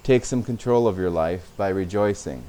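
A man's voice: low-pitched, moderate pace, mellow. A man preaching a sermon as a pastor, speaking conversationally and sometimes repeating words.

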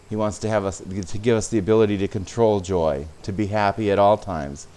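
A man's voice: lowish voice, a little mellow. A man preaching a sermon as a pastor, speaking conversationally and sometimes repeating words.

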